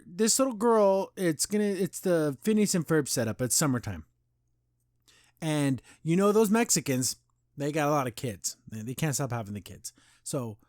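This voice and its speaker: A man's voice: a little high, a little mellow, no room sound, studio quality. A young man hosting a podcast, giving a casual, opinionated review that rambles with lots of restarts and repeated words, often with a sarcastic edge. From United States, grew up in Las Vegas. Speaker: podcast host.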